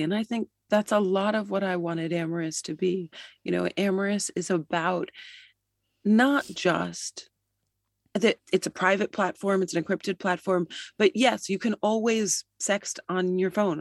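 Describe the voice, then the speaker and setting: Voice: mid-range voice, fairly even intonation, normal speed, creaky, no room sound. Articulate founder explaining at length, dry sound. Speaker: guest, app founder. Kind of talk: interview answers.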